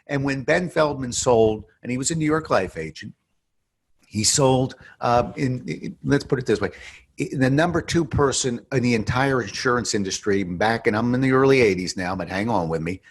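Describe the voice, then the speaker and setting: Husky animated man telling stories. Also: moderate pace. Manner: animated storyteller, emphatic, swings from low asides to loud stresses. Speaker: sales trainer and author. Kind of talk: podcast interview answer.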